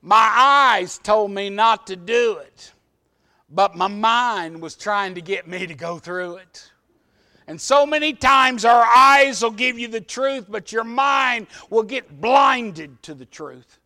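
A man's voice: high voice, slow pace. A man, a preacher telling a story in a sermon in a folksy way. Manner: folksy storyteller, acts out shouted quotes.

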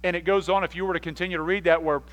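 Male pastor, fairly high-voiced, animated storyteller who acts out scenes, repeats words and restarts his sentences. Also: very fast, poor audio. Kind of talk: sermon.

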